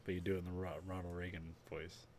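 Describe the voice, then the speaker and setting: A man's voice: sits low, flat delivery, fast, background noise. A man chatting casually on a podcast who laughs often and talks about doing impressions. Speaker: podcast co-host. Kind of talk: casual chat.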